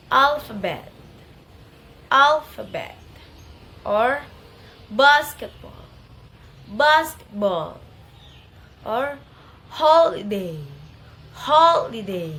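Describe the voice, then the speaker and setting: A young woman student explaining a language topic in a class presentation, slow and careful, saying each example word twice and louder. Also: a little high, slight background noise. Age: young adult. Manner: many fillers and restarts, non-native phrasing.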